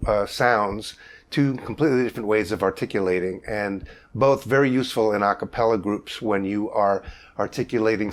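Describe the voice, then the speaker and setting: In a vocal jazz masterclass, an older man with a fairly low voice explains techniques at an easy pace, pausing on filler words. He then demonstrates each one by singing bass syllables.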